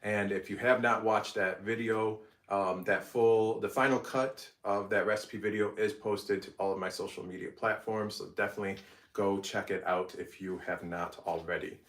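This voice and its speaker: A man's voice: fairly low pitch, fairly even intonation, moderate pace, a bit bright. A man cooking at home and recording recipe voiceovers, who stops mid-phrase, laughs at his own slips and redoes the take. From Egypt. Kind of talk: casual behind-the-scenes vlog with recipe voiceover takes. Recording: roomy, mic some distance off.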